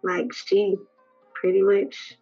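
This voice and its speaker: A woman tells her own story in a husky, breathy voice, chatty and emotional, leaning on fillers as she goes. The audio is dull and lo-fi, with faint music in the background. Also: mid-range voice, slow, a little mellow. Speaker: guest. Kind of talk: casual storytelling interview.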